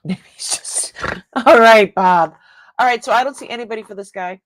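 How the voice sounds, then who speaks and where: A woman's voice: on the high side, normal speed, no room sound. Woman, live sale host, casual rambling chat, breaks off mid-thought, dry close sound. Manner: chats with viewers reading comments. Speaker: live online jewelry seller.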